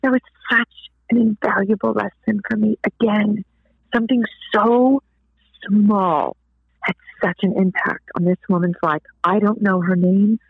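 A woman guest telling a faith story in an interview, animated, acting out the people she quotes. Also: mid-range voice, a little slow, creaky, husky, dry recording. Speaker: guest author. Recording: tinny phone line.

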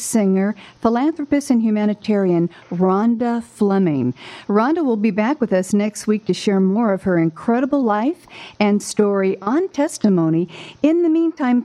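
Mellow-voiced woman hosting a radio show. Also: mid-range voice. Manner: effusive, polished announcer delivery.

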